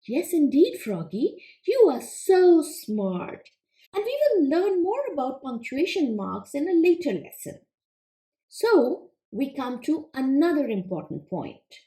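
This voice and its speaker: A woman teacher giving a children's lesson in a slow, clear, patient way. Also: high voice, mellow. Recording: echoey room.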